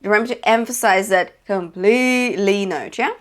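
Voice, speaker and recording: A female vocal coach leads a singing lesson, encouraging her student and demonstrating short sung phrases between explanations. Her voice is medium-pitched and fairly bright, at a moderate pace.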